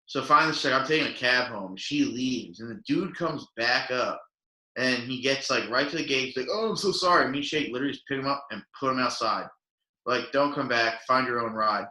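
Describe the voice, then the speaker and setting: A young male podcast co-host rambles through stories in easygoing chat, filling them with fillers and lively impressions of what people said. His mid-range voice is fairly quick, and the recording sounds echoey.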